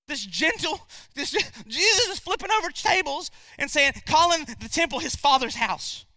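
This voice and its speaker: A man's voice: extremely high pitch, very animated, normal speed, bright, forceful tone, no echo, clean studio sound. A man preaching a sermon as pastor, emphatic, repeating key lines and asking the congregation questions.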